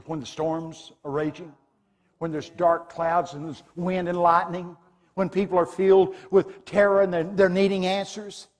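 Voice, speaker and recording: A man preaching who quotes the Lord from a vision, speaking calmly and earnestly. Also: high-pitched, normal speed, voice pushed up, natural voice. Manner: gentle, earnest, at times pleading. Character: calm, serious male Lord speaking in a vision. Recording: long hall reverb.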